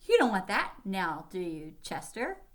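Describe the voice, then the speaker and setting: A woman reading aloud, voicing a lively young lady who teases in a bright, higher voice. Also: measured pace. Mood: teasing.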